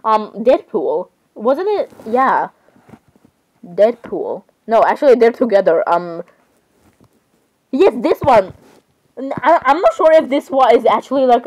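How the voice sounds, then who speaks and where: A woman's voice: fairly high pitch, darkish tone, poor audio. Giggly, rambling young woman. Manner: rambling, giggly, self-interrupting. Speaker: vlogger. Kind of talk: casual chat over screen browsing.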